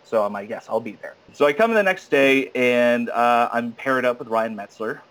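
A guest recalls an audition at a moderate pace, his tone clean though the recording itself is rough. Casual and animated, he acts out quoted lines with sudden high jumps and often stammers and starts over.

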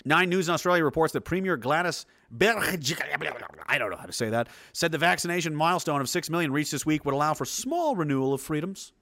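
Fiery high-pitched ranting man. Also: animated, fast talker, pushed and bright, dry recording, studio quality. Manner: heated, profane, emphatic. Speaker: political commentator. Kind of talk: ranting monologue.

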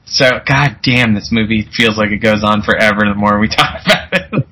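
A man's voice: fairly low pitch, moderate pace, sharp tone, a little hiss or hum, poor audio. A man co-hosting a podcast, recapping a movie in casual chat, laughing and acting out characters' lines. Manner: laid-back, laughing, acts out characters in quotes. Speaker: podcast co-host.

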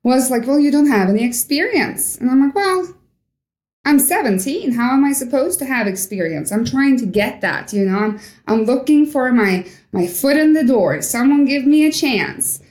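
A woman's voice: sits high, expressive, normal speed, a little mellow. A young woman from Norway, a podcast guest, telling a story with animation and acting out the quoted voices. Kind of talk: storytelling interview. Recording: roomy echo.

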